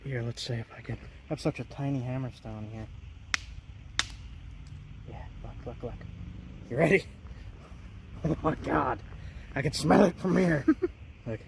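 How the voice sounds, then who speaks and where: A man from Long Island narrating an outdoor vlog by a woodland creek, chatty and excitable, laughing often and talking straight to his viewers. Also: mid-range voice, a little slow, gravelly, pauses often. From Long Island, New York. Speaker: outdoors vlogger. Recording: outdoor recording with steady background noise.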